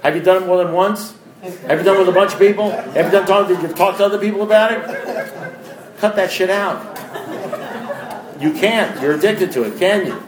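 A man's voice: high voice, moderate pace, pauses often, crowd noise. A man speaking to a recovery group in a blunt, plain-spoken way, often asking his listeners direct questions. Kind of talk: informal talk to a group. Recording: echoey room with faint background noise.

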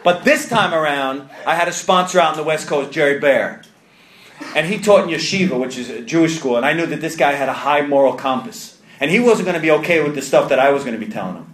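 A man speaking to a meeting, his voice on the higher side and bouncing around an echoey room. He tells his story with self-mocking humor and slips into other people's voices as he goes. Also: animated, fast talker, a bit bright. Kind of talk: personal storytelling to a live audience.

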